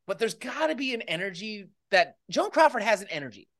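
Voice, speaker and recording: A woman co-hosting a comedy podcast, chatting casually with quick quips and frequent laughs. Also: mid-range voice, very animated, a bit bright. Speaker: podcast co-host.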